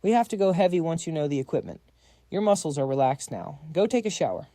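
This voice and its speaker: A man's voice: a little high, very animated, fast talker, warm tone, no echo, studio quality. A man reading as a sassy young female coach. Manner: sassy and teasing.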